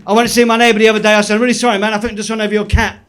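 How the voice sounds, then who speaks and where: On a comedy club stage, a stand-up comedian with a notably high voice for a man delivers deadpan one-liners, occasionally breaking into a quick chuckle at his own jokes.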